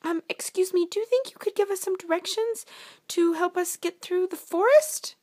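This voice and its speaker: A woman's voice: very high-pitched, moderate pace, darkish tone, pitched above the performer's own voice. A woman voicing a timid, polite young princess in a children's story, gasping and pleading. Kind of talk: storybook voice acting.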